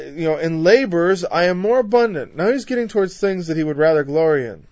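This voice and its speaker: A man preaching a conversational Bible-teaching sermon. He is emphatic, builds louder through lists and drops in frequent "you know" asides. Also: high voice, no room sound. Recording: dull, dry lo-fi recording.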